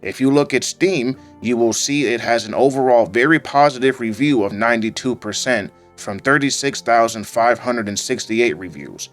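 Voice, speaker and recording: A man reading a scripted gaming video essay into a home microphone, in a calm, fairly monotone way with occasional rises. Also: mid-range voice, moderate pace, few pauses. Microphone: home microphone voice-over. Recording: faint background music under voice-over.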